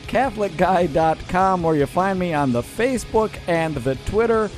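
Joking man in his forties, lively pitch. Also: normal speed, few pauses, faint music behind. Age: 40s. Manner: joking, self-mocking, lively. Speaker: radio host. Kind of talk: comedic radio chat.

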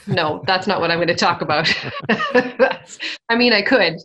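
Woman in her 30s, radio guest, casual storyteller, warm, laughs easily, low-ish voice. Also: animated, moderate pace, dull audio. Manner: warm, laughs often, grows emotional.

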